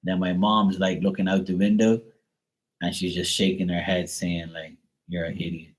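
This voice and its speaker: Low-voiced blunt man chatting on a stream. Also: fairly even intonation, normal speed, low-quality recording. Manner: blunt, profane, rambling storyteller. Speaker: tarot reader. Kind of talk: casual live-stream chat.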